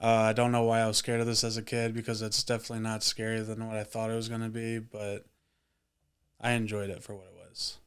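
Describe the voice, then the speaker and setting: A man's voice: on the low side, completely flat delivery, fast, clean tone. A man co-hosting a casual movie review chat, talking in a laid-back way. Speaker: podcast co-host.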